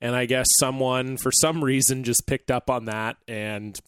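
A young man co-hosting a podcast, rambling in a relaxed way about sports, full of "like" and restarts. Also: medium pitch, normal speed, clean tone, no echo, clean studio sound. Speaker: podcast co-host. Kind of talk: casual sports chat.

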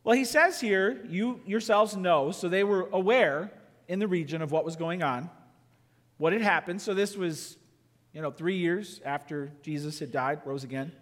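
A man's voice: high-pitched, moderate pace, a bit bright. A man preaching a sermon as pastor, emphatic, with many rhetorical questions. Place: church sanctuary. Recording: long church reverb.

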